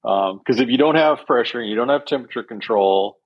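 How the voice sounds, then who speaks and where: A man's voice: mid-range voice, fast, highs cut off. A man speaking as a guest on a casual podcast, explaining things in an easygoing, matter-of-fact way.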